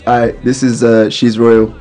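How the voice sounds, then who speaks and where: A man's voice: medium pitch, level tone, normal speed, warm tone. Young guy on radio, slangy laid-back chat, laughs a lot, bit of music behind. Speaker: radio host. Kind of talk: casual chat.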